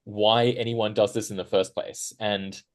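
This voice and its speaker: A man's voice: lowish voice, a little slow. A man answering as a guest on a discussion panel, talking casually and rambling with lots of fillers, tag questions and small laughs. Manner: rambling, frequent "right?" tags and fillers; animated, laughs while talking.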